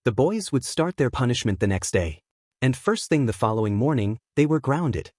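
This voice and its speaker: A man's voice: mid-range voice, expressive, normal speed, darkish tone, no room sound. Man narrating fan fiction, dry sound. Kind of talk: fan fiction audiobook reading.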